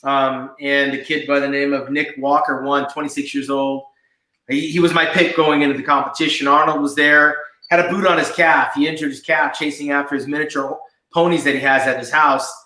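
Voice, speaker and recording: A man's voice: on the high side, little pitch movement, fairly quick, bright, forceful tone. A man in his fifties, co-hosting a podcast and telling stories with enthusiasm. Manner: enthusiastic storytelling. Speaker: podcast co-host. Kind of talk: casual chat. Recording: echoey room.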